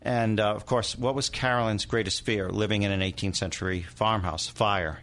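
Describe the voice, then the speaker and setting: Fairly low and bright, with fairly even intonation and a moderate pace, a middle-aged demonologist tells a haunting story in an interview. He fills it with vivid detail and dramatically voices the characters.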